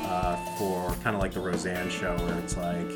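A man co-hosting a podcast in casual chat, animated and jokey, often slipping into silly voices. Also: low voice, normal speed, over loud music. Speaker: podcast co-host.

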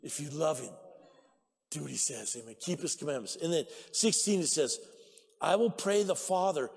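A man preaching a sermon as pastor, excitable, breaking into shouts and laughter. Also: a little high, normal speed, vocal fry, in a large hall. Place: church sanctuary.

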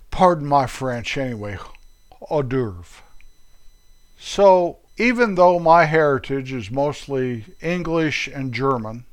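A middle-aged man with an American accent, delivering a playful, goofy comedic monologue and poking fun at himself. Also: mid-range voice. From United States. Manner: playful, goofy, self-mocking.

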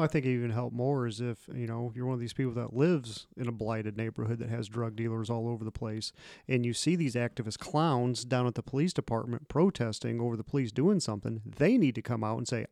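A man's voice: medium pitch, brisk, creaky, darkish tone, dry recording, clean studio sound. A man co-hosting a podcast, ranting in an exasperated way during casual talk. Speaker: podcast co-host.

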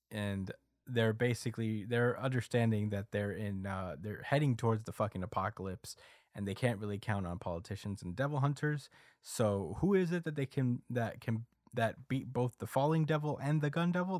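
A man's voice: lowish voice, normal speed, no echo, clean studio sound. A man on a podcast recapping a story chapter in casual chat, rambling with lots of fillers. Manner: rambling recap with many fillers, acting out quotes.

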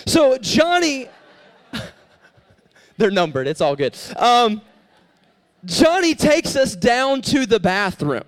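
High-voiced animated youth pastor man. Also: slow pace, pauses often. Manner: animated storyteller, acts out dialogue with rising voice. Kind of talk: storytelling youth sermon.

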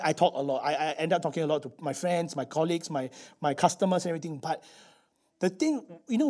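High-voiced Singaporean man preaching. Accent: Singaporean English. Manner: chatty, lively, with frequent "okay?" asides. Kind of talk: sermon.

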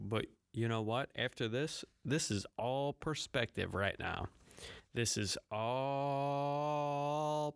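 A man hosting a solo podcast, cursing freely and rambling with a laugh here and there. He talks at an unhurried, drawn-out pace, and his voice sounds smooth and clean. The sound is dry, with no room echo. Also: mid-range voice. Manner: profane, rambling, laughs often; blunt and conversational, addresses listeners directly. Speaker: podcast host. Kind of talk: casual solo podcast rant.

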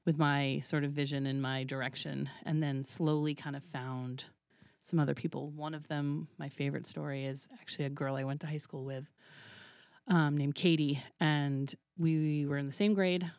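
This is a woman with a low voice, chatting as a podcast guest. She is animated, laughs often, and acts out the quoted dialogue as she goes. The recording is close and dry. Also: normal speed, no room sound. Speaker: podcast guest, burlesque troupe founder. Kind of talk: casual interview storytelling.

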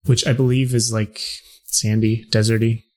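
A man's voice: mid-range voice, flat delivery, moderate pace, darkish tone. Laid-back male game master. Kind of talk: narrating a tabletop game.

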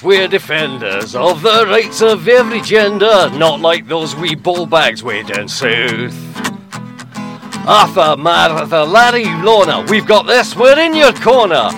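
A man voicing a brash Scottish nationalist politician, singing loudly in a Scottish accent over guitar. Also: fairly high pitch, big pitch swings, measured pace. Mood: boastful. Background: guitar music.

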